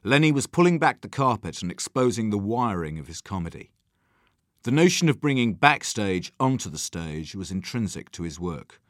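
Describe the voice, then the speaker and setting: A man giving articulate, analytical commentary in a measured way. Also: on the low side, big pitch swings, no echo, clean studio sound.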